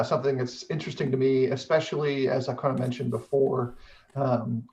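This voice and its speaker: A middle-aged man hosting a casual chat, speaking in a measured way with frequent hesitations. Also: mid-range voice. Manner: measured, many "uh" fillers. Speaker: host. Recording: dull lo-fi audio.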